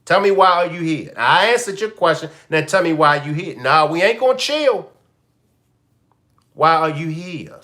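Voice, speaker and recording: Animated man hosting a live commentary. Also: a little high, normal speed. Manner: animated, repeats questions to the chat. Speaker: commentary show host.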